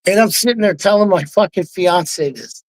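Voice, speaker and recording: A man on a live online panel, telling a wild story in an excited, heavily profane way and acting out the quotes. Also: high-pitched, normal speed, no echo, low-quality recording. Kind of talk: casual storytelling.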